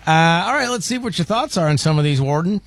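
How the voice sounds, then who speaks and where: A man's voice: high-pitched, animated, fast, faint music behind. A man hosting a casual chat show, joking with his co-hosts. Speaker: show host.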